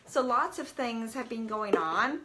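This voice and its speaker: A woman's voice: fairly high pitch, animated, unhurried, very noisy. A woman in her thirties chatting casually to camera as a parenting vlogger, rambling a little with fillers and restarts.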